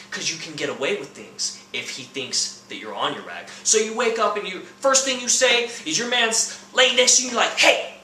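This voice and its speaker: A young man with a strikingly high, bright voice rants through a comedy bit, acting out quoted lines and bursting into shouts. He is recorded in an echoey room. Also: a little hiss or hum. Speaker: comedy vlogger. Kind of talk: comedic rant to camera.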